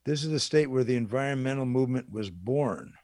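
A man's voice: mid-range voice, fairly quick, darkish tone, dry recording. A man from Wisconsin giving an impassioned political speech, driving his points home with rhetorical questions and emphatic repetition. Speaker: political speaker.

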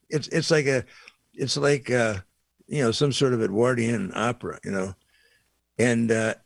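A man's voice: lowish voice, gravelly, no room sound. An older man giving a blunt, indignant opinion monologue, rambling with fillers and asides. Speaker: commentator.

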